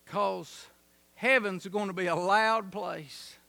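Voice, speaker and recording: High bright folksy preacher. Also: male voice, fairly even intonation, slow, gravelly. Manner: folksy preaching, swings from soft to shouting. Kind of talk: sermon.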